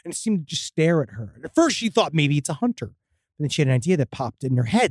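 A man's voice: on the high side, sing-song, fast talker, dry recording, clean studio sound. A man co-hosting a casual podcast, loosely retelling ghost stories with jokes and asides. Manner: loose, jokey retelling with mock broken grammar. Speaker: podcast co-host.

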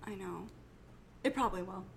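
A woman's voice: mid-range voice, moderate pace, creaky, slight background noise. Wry young woman with a Minnesotan accent. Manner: wry, self-deprecating. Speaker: podcast guest and writer. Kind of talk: casual chat.

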